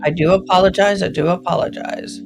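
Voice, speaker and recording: With music in the background, a woman in her forties talks fairly quickly in a lowish, creaky voice with a steady tone. She hosts a casual livestream, greeting viewers by name in a folksy way, and her Southern accent mixes East Tennessee and Texas, since she was born in Tennessee and raised in Texas.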